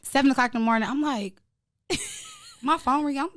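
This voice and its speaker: A woman's voice: sits high, fairly quick, a crowd in the background. Young woman hyping up friends. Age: young adult. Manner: playful, hyping up her co-hosts with slangy banter. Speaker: real estate agent and podcast co-host. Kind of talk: casual group podcast chat.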